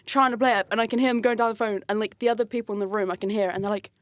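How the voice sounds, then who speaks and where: A woman telling a long anecdote in a relaxed chat. She laughs often and jumps into the voices of the people she quotes. Her voice sits at a middling pitch, and the room sound is dry and close. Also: racing, no echo. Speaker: guest telling a work story. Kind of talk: casual storytelling.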